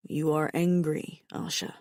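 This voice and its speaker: Narrator doing a mild-mannered alien barbarian man, low and even, warm, dry read. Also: a little slow, no room sound. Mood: hushed. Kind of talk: audiobook character voice.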